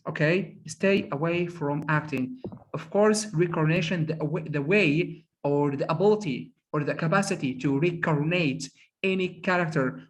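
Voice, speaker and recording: A man teaching an English conversation class, speaking emphatically, repeating words and saying "of course" often. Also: a little high. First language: Arabic. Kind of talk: classroom discussion.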